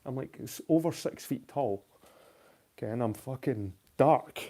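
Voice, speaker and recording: Man ranting casually with a mellow voice. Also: mid-range voice, unhurried. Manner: ranting, heavy swearing; reads viewer questions aloud. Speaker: host. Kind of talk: casual late-night live chat.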